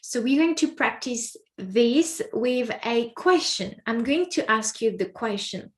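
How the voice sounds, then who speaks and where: A woman's voice: fairly high pitch, animated, unhurried. A woman teaching a French pronunciation lesson, patiently repeating each word and asking the listener questions. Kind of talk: slow, careful pronunciation lesson.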